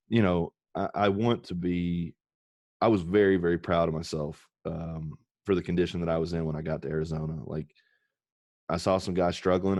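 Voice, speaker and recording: Deep, earnest man telling a story. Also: a little mellow, no echo, clean studio sound. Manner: earnest, emotional, swears casually. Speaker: podcast guest. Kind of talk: candid podcast storytelling.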